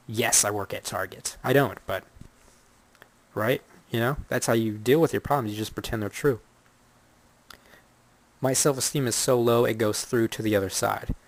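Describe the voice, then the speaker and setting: A young man hosting his own podcast, talking through a rambling, self-deprecating comic monologue and acting out the dialogue. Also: lowish voice. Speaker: podcast host.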